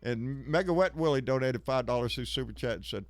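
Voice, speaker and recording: A man's voice: medium pitch, a little fast, hardly any pauses, a little hiss or hum. A middle-aged man, hosting a live stream in casual, rambling, folksy chat and swearing freely. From Texas. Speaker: live show host.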